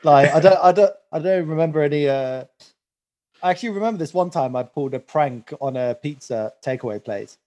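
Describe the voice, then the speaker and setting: A man's voice: on the high side, expressive, brisk, dark tone, lo-fi sound. A young man on a podcast, telling a story in a loose, rambling way full of fillers. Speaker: podcast co-host. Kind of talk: casual chat.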